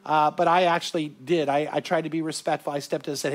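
A man preaching a sermon as a pastor to a live group, earnest and animated, often restarting and repeating himself. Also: fairly high pitch, fast.

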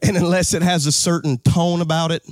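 Animated man preaching a sermon. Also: on the high side, fairly quick, dry recording, studio quality, soft background music. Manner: animated preaching, breaks into shouts and sing-song cadence; folksy, jokes with the crowd, repeats phrases. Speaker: pastor. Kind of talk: live sermon to a congregation.

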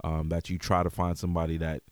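A man hosting a podcast, talking openly in a relaxed way full of "yo" and "you know what I mean". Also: deep voice, fast, clean tone, no echo, clean studio sound. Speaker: podcast host. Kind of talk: casual podcast chat.

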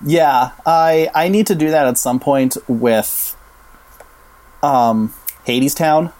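A young man co-hosting a casual chat, retelling a story with animated, quick-shifting character voices. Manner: animated, jumps into high put-on voices for characters. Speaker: podcast co-host.

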